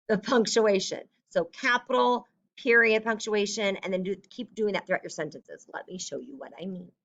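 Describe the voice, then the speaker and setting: A woman's voice: medium pitch, moderate pace, a bit bright, muffled recording. A woman teacher giving a remote lesson to young children, explaining step by step in a patient, upbeat way.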